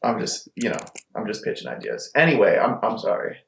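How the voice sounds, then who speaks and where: A man's voice: on the low side, wildly swooping pitch, a little fast, gravelly. Casual joking man in a roomy room. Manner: joking, rambling, swears casually. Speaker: podcast co-host. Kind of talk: casual chat.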